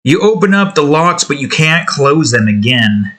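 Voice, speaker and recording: A man's voice: a little high, very animated, moderate pace, fairly bright tone. A man chatting casually as he builds his own game. He rambles, swears, talks to the pieces he edits and jokes in a put-on redneck drawl. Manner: jokingly puts on a redneck drawl. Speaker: hobby game developer.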